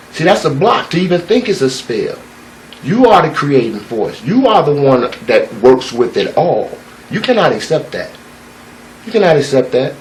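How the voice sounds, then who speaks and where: High-voiced man preaching with profanity. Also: low-quality recording. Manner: loose, profane, preachy storytelling. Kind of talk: spiritual talk with a parable.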